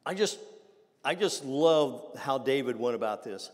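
A man's voice: mid-range voice, lively intonation, darkish tone. A man preaching a conversational sermon, with frequent restarts and asides to the congregation. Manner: conversational, halting with many restarts. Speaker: pastor. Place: church sanctuary. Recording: long reverb of a church hall.

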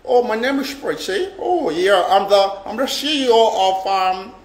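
A man mimicking a woman caller in a soft, higher, mock-sweet voice. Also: animated, a little slow. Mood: coaxing. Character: a woman caller quoted by the vlogger. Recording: roomy echo.

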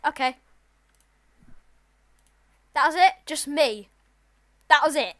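A woman giving casual, excitable let's-play commentary with sudden loud outbursts. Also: high voice, takes it slowly, pauses often. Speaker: gaming channel host.

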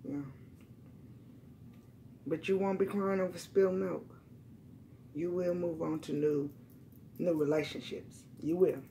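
A woman reading tarot cards for her viewers, blunt and profane, repeating lines for emphasis and swinging between loud outbursts and quiet, emotional asides. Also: lowish voice, steady tone, measured pace, vocal fry, long pauses, slight background noise. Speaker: tarot reader.

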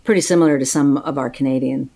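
A woman guesting on a podcast, telling stories in a casual, animated way with frequent laughs. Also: rumbling low, quick pace. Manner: laughing, animated storytelling with put-on quoted voices. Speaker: guest actor.

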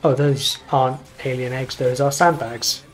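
A man's voice: mid-range voice, steady tone, moderate pace. A British man chatting casually and wryly while playing a game with friends, rambling a little. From Britain. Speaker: gamer streaming with friends. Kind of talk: casual gameplay chat.

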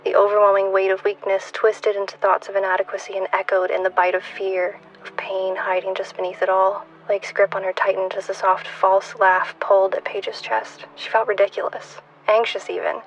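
A woman in her twenties reading her own fiction aloud in a measured, hushed way, at times dropping to a whisper. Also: mid-range voice, monotone, poor audio. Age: 20s. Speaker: author.

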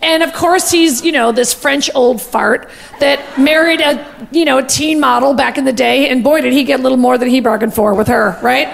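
A woman's voice: high-pitched, normal speed, gravelly, a little hiss or hum. A woman in her forties doing brash, gossipy, profane stand-up comedy on a stage mic.

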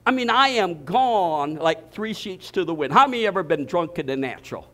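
An older man preaching a sermon, telling stories with bursts of shouting and laughter. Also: high-pitched, animated, moderate pace. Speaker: pastor.

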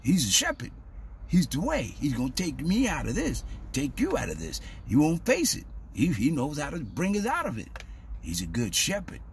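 A man talking casually to the camera in a preachy, animated way, stumbling over repeated words and dropping in "man" and "baby". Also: on the high side, moderate pace, a little hiss or hum. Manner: street-style grammar, says "man" and "baby". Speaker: vlogger. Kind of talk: casual spoken monologue.

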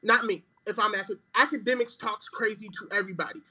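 A man in a live audio chat who argues back insistently with quick rebuttals. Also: sits high, steady tone, sharp tone, husky. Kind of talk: rapid argumentative back-and-forth.

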